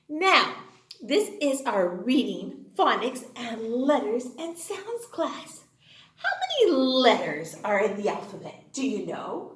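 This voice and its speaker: A woman teaching a young children's phonics class in a slow, exaggerated sing-song manner, with excited gasps. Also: high voice. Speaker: kindergarten teacher. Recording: echoey room.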